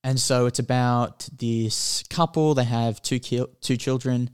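A man's voice: medium pitch, fairly even intonation, a little slow, clean tone, no room sound, clean studio sound. A man co-hosting a podcast, telling a film's story in a casual, rambling way with lots of filler words. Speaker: podcast co-host. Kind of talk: casual film chat.

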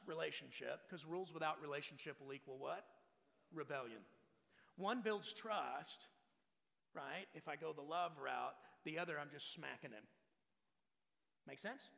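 A man's voice: on the high side, a little slow, gravelly, sharp tone. A man in his forties preaching a sermon as pastor, emphatic and full of rhetorical questions to the congregation. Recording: long reverb of a large hall.

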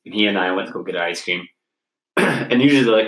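Low-voiced rambling male podcaster. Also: quick pace, roomy sound, low-quality recording. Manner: relaxed, rambling storyteller. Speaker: podcast co-host. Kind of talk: casual chat.

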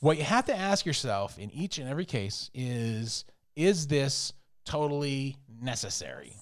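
A man's voice: medium pitch, very animated, unhurried. A man co-hosting a casual money podcast, rambling and chuckling as he talks. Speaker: podcast co-host.

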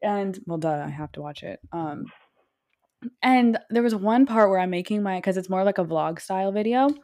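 A young adult woman co-hosting a podcast in casual chat, talking loud and fast and wandering off on tangents. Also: mid-range voice. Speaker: podcast co-host.

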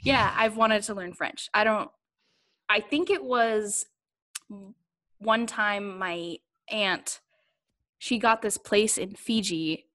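A woman's voice: mid-range voice, slow pace, fairly bright tone. Young adult woman, interview guest, giggly, candid, rambling, casual. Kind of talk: casual conversation.

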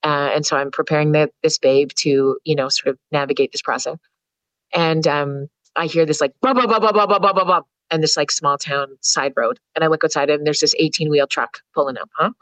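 Low-voiced woman telling a candid story. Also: flat delivery, fairly quick, no room sound, low-quality recording. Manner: candid, earthy, swears freely. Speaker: psychologist guest. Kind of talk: storytelling in a podcast interview.

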